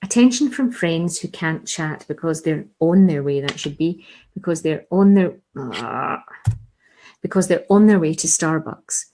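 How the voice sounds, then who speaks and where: A woman leads an English revision lesson in a mellow, slightly low voice. She explains patiently, circles back to key points and asks her listeners rhetorical questions. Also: expressive, a little slow, poor audio. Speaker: English teacher.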